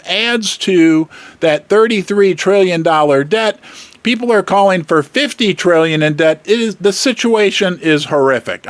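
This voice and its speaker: Animated, high-voiced man ranting to viewers. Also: dry recording. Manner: emphatic and exasperated, with rhetorical questions to viewers. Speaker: host of a precious-metals channel. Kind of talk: casual commentary to camera.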